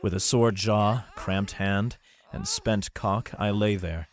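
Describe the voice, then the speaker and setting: A man's voice: on the low side, fairly even intonation, slow pace. A man narrating an adult fantasy audiobook in the first person, reading steadily.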